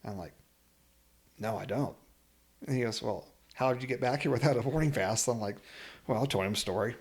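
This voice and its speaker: A man's voice: medium pitch, brisk, creaky. A man telling a travel story in casual conversation, laughing and acting out other people's lines.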